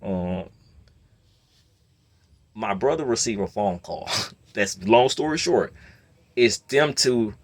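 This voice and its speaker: A man telling a long story in a casual rant, slipping between low muttering and loud outbursts. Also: animated, takes it slowly, pauses often. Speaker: storyteller host.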